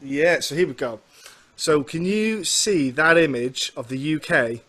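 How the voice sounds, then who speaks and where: A man's voice: a little high, measured pace, a bit bright. A man from the Isle of Man with a Manx accent, hosting a podcast interview in a chatty, rambling, self-deprecating way. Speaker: podcast host. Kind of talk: casual interview chat.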